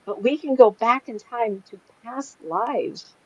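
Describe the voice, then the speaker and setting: A woman's voice: a little high, expressive, takes it slowly, husky, dry recording. A middle-aged woman, a psychic medium, telling stories in a casual chat and laughing often. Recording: slightly dull lo-fi sound.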